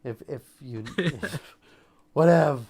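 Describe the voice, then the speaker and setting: A man co-hosting a live-streamed podcast, talking in a rambling, halting way and laughing often. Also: on the high side, vocal fry, a little mellow. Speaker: podcast co-host. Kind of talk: casual live-stream chat.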